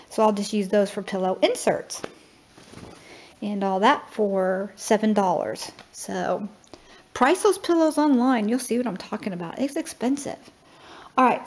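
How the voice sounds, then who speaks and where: A middle-aged woman talks her way through a house under renovation, casual and conversational. She thinks aloud with fillers and small restarts as she goes. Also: mid-range voice. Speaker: homesteading vlogger. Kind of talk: casual home tour narration. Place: house under remodel, indoors.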